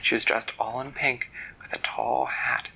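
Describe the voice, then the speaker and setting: A man telling an improvised bedtime story in a soft, hushed voice, stopping to explain words. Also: mid-range voice, steady tone, measured pace, slight background noise, poor audio.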